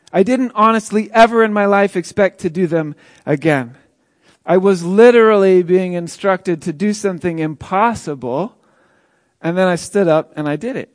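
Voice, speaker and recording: An earnest, joyful man who was once paralyzed recounts his healing, as a man acts it out in a dramatic monologue. He tells the story in a fairly high voice and chuckles as he goes. The sound is dry and close, with no room echo. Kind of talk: first-person dramatic monologue.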